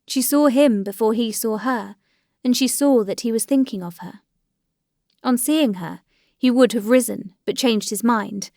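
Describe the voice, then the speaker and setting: A woman's voice: fairly high pitch, measured pace, darkish tone, no echo, studio quality. Woman narrating a classic novel. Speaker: audiobook narrator. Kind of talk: scripted narration.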